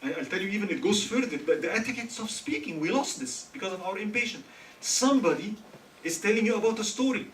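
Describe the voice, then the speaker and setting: Man, animated, echoey hall. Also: high voice, fast talker. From Egypt. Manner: animated, joking, quizzing the audience with questions. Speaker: speaker at a student religious gathering. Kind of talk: humorous religious talk to an audience. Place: hall with a live audience. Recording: echoey hall, mic far off, faint hiss.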